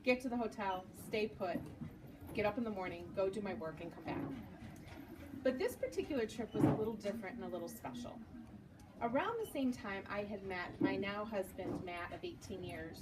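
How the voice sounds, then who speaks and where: A woman's voice: mid-range voice, lively intonation, moderate pace. A woman in her forties, an author giving a storytelling talk in a bookstore, acting out the lines she quotes and laughing at herself. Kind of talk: storytelling talk to a live audience. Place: bookstore event space. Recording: distant mic with noticeable background noise.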